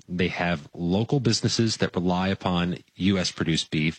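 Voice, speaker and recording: A man giving weekly political analysis on a radio show, measured and matter-of-fact with dry humor. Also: sits low, fairly bright tone, breathy edge, dry recording, rough recording.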